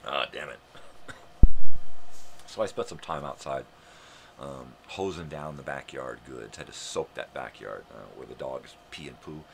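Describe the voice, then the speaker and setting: Deep-voiced older man in a profane rant. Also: lively intonation, slow pace, creaky, pauses often, sharp tone, slight background noise. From United States. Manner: profane, ranting, heavy swearing; sarcastic, mocking. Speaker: live show host. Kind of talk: live morning show monologue.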